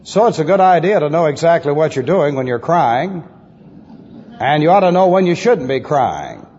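A man's voice: on the high side, sing-song, moderate pace, a little mellow, a little hiss or hum. A man teaching a methodical sermon, repeating key phrases with emphasis, on an old recording. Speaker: pastor teaching doctrine. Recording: lo-fi old recording in a reverberant hall.

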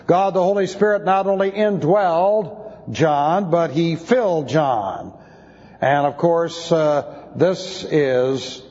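A pastor teaching a sermon, methodically explaining Greek grammar in a precise, measured way. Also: male voice, fairly high pitch, a little mellow. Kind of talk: expository Bible teaching sermon. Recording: dull, lo-fi recording with long hall reverb.

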